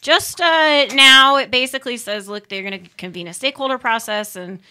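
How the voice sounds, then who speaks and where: Woman radio co-guest, bright tone, casual chatty policy talk. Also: high voice, a little fast, clear, resonant tone. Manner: chatty, lots of fillers.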